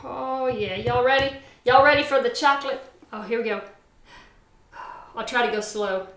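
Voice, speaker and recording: A woman's voice: fairly high pitch, normal speed, fairly bright tone, reverberant. A woman hosting a casual cooking vlog, gushing and sing-song as she talks to viewers from her home kitchen. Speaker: cooking show host.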